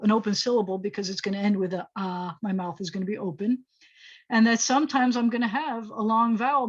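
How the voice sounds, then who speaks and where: A woman's voice: mid-range voice, highs cut off. A woman rabbi teaching a Hebrew class online, explaining step by step in a chatty way and thinking aloud as she goes. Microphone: video call.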